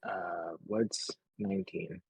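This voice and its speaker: A player in a tabletop game, speaking slowly and expressively in character. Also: deep voice, fairly even intonation, husky, no echo. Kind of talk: tabletop game role-play.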